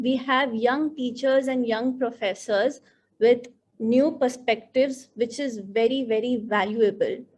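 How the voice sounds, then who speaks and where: A woman's voice: on the high side, a little mellow, slight background noise. A woman counselor, leading a workshop for teachers in an earnest, reflective way and dwelling on key words. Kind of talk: workshop talk to participants.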